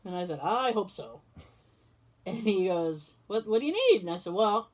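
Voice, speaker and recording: A woman's voice: medium pitch, expressive, a little slow, darkish tone. A woman hosting a podcast, casually telling a story and acting out both sides of the conversation, swearing freely. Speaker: podcast host. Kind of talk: casual chat.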